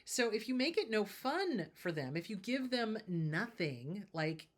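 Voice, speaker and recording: A woman's voice: medium pitch, sing-song, measured pace. A woman therapist talks to her audience in a casual advice style. She repeats her points for emphasis and drives each one home. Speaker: therapist and show host.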